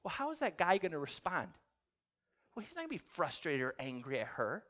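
A man's voice: a little high, brisk, muffled recording. Storytelling preacher quizzing his audience. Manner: animated storytelling, asks the audience questions. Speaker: pastor. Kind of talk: sermon.

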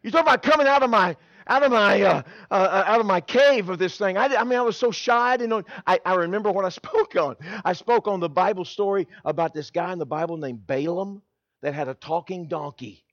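A man preaching a sermon, telling his own story in an animated way with quick restarts and repeated words. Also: high-pitched, dry recording. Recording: dull, dry sound.

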